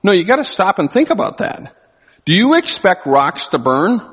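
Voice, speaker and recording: A man preaching a sermon, animated, often acting out the people he quotes. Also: high-pitched, normal speed, husky. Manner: animated, acts out quoted voices. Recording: long hall reverb.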